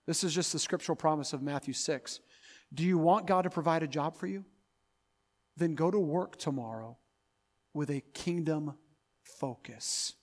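A pastor in his thirties preaching to his congregation, his voice sitting a touch higher than most men's. He climbs into loud, emphatic runs and then drops back to a soft, close tone. The delivery is a spoken sermon, direct and urging. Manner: preaching, building to loud emphatic peaks then dropping quiet.

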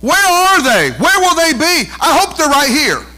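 Male pastor preaching in church; very high, bright voice, emphatic delivery, lots of rhetorical questions. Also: big pitch swings, a little slow, poor audio. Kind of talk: sermon.

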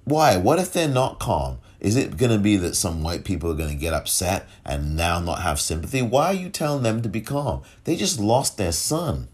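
A man's voice: fairly low pitch, big pitch swings, normal speed, few pauses, a little mellow, slightly rough. A man hosting a solo podcast commentary, impassioned and rhetorical, repeating phrases for emphasis and rising into pointed questions. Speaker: podcast host.

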